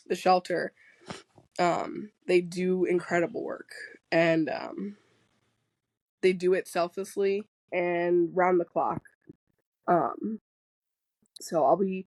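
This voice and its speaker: A woman's voice: lowish voice, a little mellow, no echo, low-quality recording. Candid, joking woman in a dry room. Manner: candid, swears freely, laughs and jokes; rambling with many fillers and restarts. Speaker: podcast guest. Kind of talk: casual chat.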